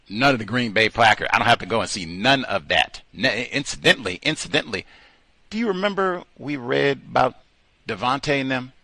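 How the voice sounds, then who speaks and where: Lively bright-voiced male host. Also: mid-range voice, no room sound. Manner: animated and mocking, slipping into put-on voices. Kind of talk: commentary monologue.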